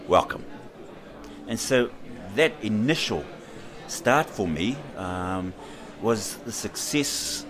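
An interview guest, a middle-aged man with a New Zealand accent and a lowish voice, tells his personal story reflectively and without hurry. His speech has many hesitations, and he brings quoted voices to life with animation.

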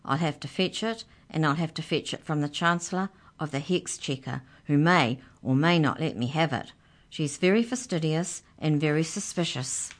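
A woman's voice: sits low, normal speed, lightly acted. A woman voicing a cranky talking mouse that is a tooth fairy, in an exasperated, matter-of-fact manner.

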